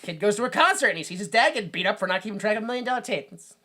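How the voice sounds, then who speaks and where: A woman's voice: medium pitch, expressive, rapid-fire, sharp tone. A woman co-hosting a podcast, casually recapping a movie and acting out its characters with laughs. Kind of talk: casual chat.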